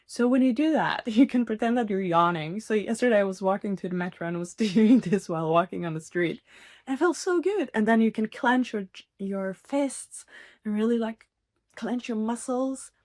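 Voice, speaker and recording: Her voice sits on the high side and is expressive and a little mellow, moving at a moderate pace. She's a podcast host chatting casually on her own, earnest and encouraging, with frequent laughs and plenty of fillers, recorded dry and clean in a studio.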